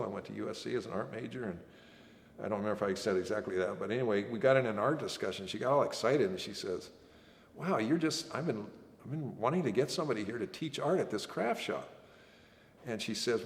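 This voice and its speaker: Older guy, army veteran telling old stories, kinda low voice, acts out the people he quotes, roomy echo. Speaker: veteran interviewee. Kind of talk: oral history storytelling. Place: museum interview room. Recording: echoey room with long reverb.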